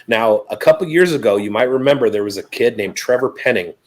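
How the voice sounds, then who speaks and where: A man in easy podcast conversation, mid-pitched and lively. He tells stories with energy, acting out his own side of the conversations he recounts. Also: brisk, rough recording. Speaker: fantasy football analyst. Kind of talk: casual podcast chat.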